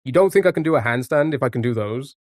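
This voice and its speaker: A man's voice: medium pitch, expressive, fast, a little mellow, no echo, clean studio sound. A man streaming live, chatting casually with his chat and swearing now and then while playing a word game. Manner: chatty, jokey, talks back to chat.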